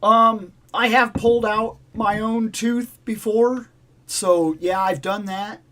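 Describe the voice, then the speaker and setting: A livestream host tells a long personal story in a casual, rambling way, repeating himself and slipping into the voices of the people he describes. His voice sits a little higher than most men's, slow, fairly even in intonation and a bit bright.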